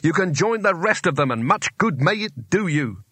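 A man's voice: on the high side, lively intonation, normal speed, no room sound. A man doing Rincewind, a snappy young wizard. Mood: angry. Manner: sharp, snapping when annoyed. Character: grumpy, nervous young male wizard.

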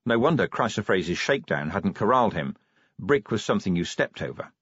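Low, husky male audiobook narrator. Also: brisk, no room sound, highs cut off. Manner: animated, wry storytelling. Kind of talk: scripted narration.

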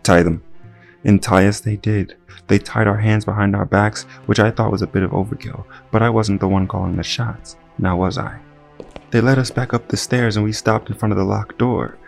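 A man's voice: on the low side, little pitch movement, brisk, creaky, faint music behind. A man reading a first-person audiobook narration with dry, wry asides.

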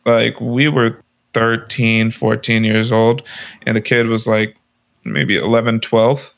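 A man's voice: mid-range voice, slow, creaky. A young man telling a crude, rambling story in casual chat and laughing at it as he goes.

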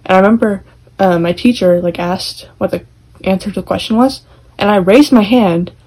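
A woman's voice: mid-range voice, normal speed, a little mellow, slightly rough, poor audio. A young woman co-hosting a podcast, telling school stories in casual, profane chat. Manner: chatty storyteller, swears freely. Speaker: podcast co-host.

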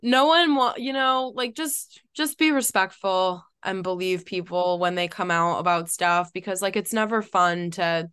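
A young woman co-hosting a podcast, talking in casual chat full of "like" fillers and quick laughs. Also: mid-range voice, a bit bright, clean tone, no echo, studio quality. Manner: chatty, frequent "like" fillers, laughs often. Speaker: podcast co-host.

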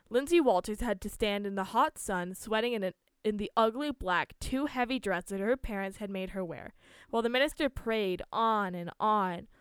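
A woman's voice: medium pitch, smooth, no room sound. A woman reading a spooky story aloud, with small slips and restarts as she goes.

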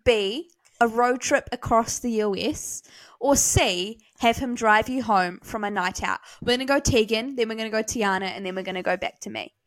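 A woman's voice: on the high side, normal speed, low-quality recording. A woman podcast host leading a segment in a mock news-reporter manner. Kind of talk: casual podcast chat.

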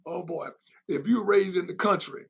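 A man's voice: sits high, breathy edge. A man teaching in a sermon style, emphatic and repetitive, who often laughs as he goes. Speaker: preacher and Bible teacher.

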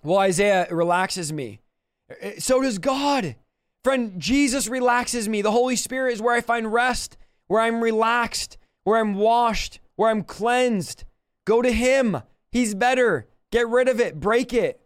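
Fervent high-voiced male preacher. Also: a little slow, smooth, dry recording, studio quality. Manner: fervent, repetitive exhortation. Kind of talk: sermon with prayer.

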